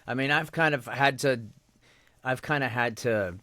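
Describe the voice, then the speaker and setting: A man's voice: mid-range voice, normal speed, pushed and bright, no room sound. A man with a Canadian accent, a voice actor chatting casually as an interview guest, rambling with many restarts.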